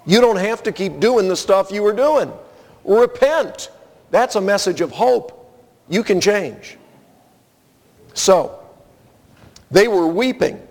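A man's voice: sits high, animated, slow pace, long pauses, darkish tone. A man preaching a sermon as pastor, earnest and conversational, telling personal stories to his congregation. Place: church sanctuary. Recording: long reverb of a large hall.

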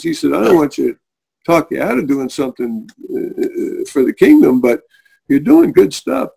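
Gravelly, husky middle-aged man. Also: on the high side, normal speed. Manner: earnest, animated storyteller who acts out quoted voices. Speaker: guest. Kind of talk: telling a personal faith story.

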